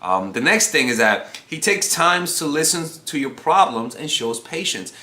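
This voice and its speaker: A man's voice: on the high side, animated, measured pace, bright, forceful tone. A man giving casual dating advice to camera, rambling and profane, with many restarts. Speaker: dating coach. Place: room at home. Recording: echoey room.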